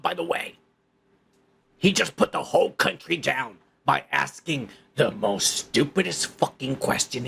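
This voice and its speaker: A man's voice: high voice, gravelly, sharp tone, husky. A male podcast host ranting in crude, heated commentary, swearing and repeating himself.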